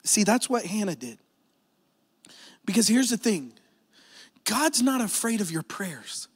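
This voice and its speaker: A man preaching a sermon as a pastor. He swings from hushed, intimate talk to shouted appeals, telling personal stories with self-deprecating asides. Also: sits high, very animated, a little slow, slightly rough, big-room sound. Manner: repeats "here's the thing", storytelling with self-deprecating asides.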